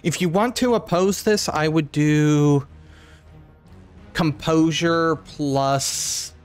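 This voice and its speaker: Slow, unhurried storyteller man. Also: fairly high pitch, clear, resonant tone, soft background music. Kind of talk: narrating a tabletop game.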